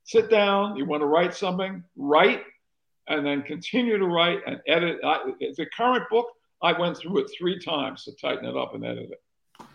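Gravelly older man telling rambling stories. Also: a little high, lively intonation, normal speed, fairly bright tone, highs cut off. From North Carolina, USA. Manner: rambling anecdotal storyteller, restarts often. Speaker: author and former talk show host. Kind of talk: interview guest telling stories.

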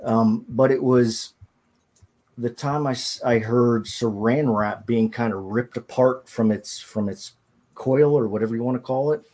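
A man with a husky, slightly breathy voice of ordinary pitch tells his story as a podcast guest. He talks haltingly and restarts his sentences often as he works through the details. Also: a little mellow. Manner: halting, hesitant recounting with frequent restarts. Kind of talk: personal storytelling in an interview.

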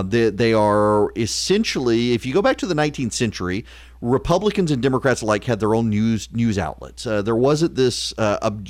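A man hosting a call-in talk radio show, sarcastic and quick, full of uh fillers. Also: on the low side, dry recording, studio quality.

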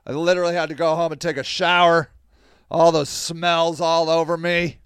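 Podcast host, male, high smooth voice, lively storyteller acting out quotes, close dry mic. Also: moderate pace, no echo. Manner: animated, acts out quoted voices, laughs often. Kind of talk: casual storytelling monologue.

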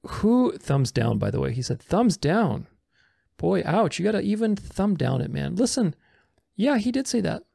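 Man, gravelly, slightly high voice, sarcastic, argumentative, casual commentary. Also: very animated, moderate pace, dark tone, no echo, studio quality. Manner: sarcastic, argumentative, reads comments aloud and rebuts them. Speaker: religious commentator responding to comments.

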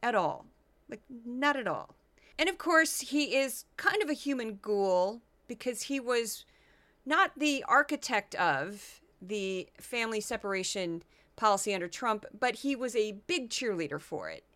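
A woman hosts a podcast with a bright, sharp-edged voice that sits a little high. She talks casually and sarcastically, with frequent laughter and lots of animation. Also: lively intonation, measured pace. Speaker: podcast host. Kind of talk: casual commentary.

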